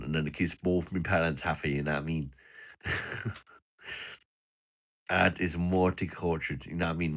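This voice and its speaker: Deep-voiced brash young guy in a mock jamaican accent, a man putting it on, rambling, says "man" and "you know what i mean" constantly. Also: creaky. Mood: boastful. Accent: mock Jamaican patois.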